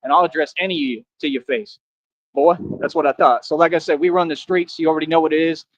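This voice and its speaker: Cocky male streamer, rapid, slangy trash talk, slightly high voice, dry lo-fi stream sound. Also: steady tone, no echo. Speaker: livestreamer. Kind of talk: boastful livestream rant.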